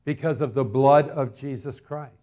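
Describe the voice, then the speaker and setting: A male pastor delivering a sermon, slow and emphatic, repeating key words for dramatic effect. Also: mid-range voice, mellow.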